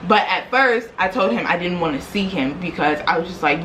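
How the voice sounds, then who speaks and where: A young woman vlogger retelling a story in a casual, animated, slangy way, acting out quoted dialogue. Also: lowish voice, fairly quick, hardly any pauses, background noise.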